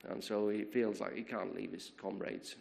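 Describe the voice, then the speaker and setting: A man preaching a sermon, retelling a story in a lively way, often repeating words and restarting his sentences. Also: on the low side, moderate pace, gravelly.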